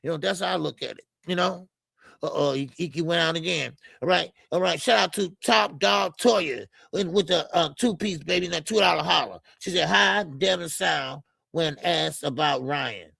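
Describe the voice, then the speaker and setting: Gravelly man rambling on a live show. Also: fairly high pitch, moderate pace, sharp tone, no echo. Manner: rambling, many fillers, reads out super chats. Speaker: boxing show host. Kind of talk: casual live-stream chat.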